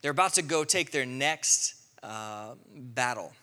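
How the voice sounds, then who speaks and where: A male pastor preaching a sermon, telling the story with lively acted-out quotes. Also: mid-range voice, unhurried, long reverb tail. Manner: animated storytelling, acting out quotes.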